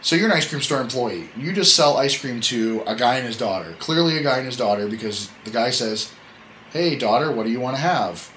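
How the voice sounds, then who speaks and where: A man's voice: medium pitch, animated, a little fast, hardly any pauses, bright, forceful tone, slight background noise, low-quality recording. A man hosting a casual podcast chat, telling a story in a rambling, joking way and correcting himself as he goes. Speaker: podcast host.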